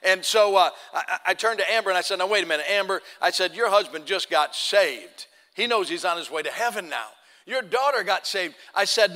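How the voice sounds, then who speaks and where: A male pastor preaching a sermon, telling a story and acting out the voices in it, swinging between loud and hushed. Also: high voice, lively intonation, a little fast, few pauses. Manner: acts out quoted dialogue, swings from loud to hushed. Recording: long hall reverb.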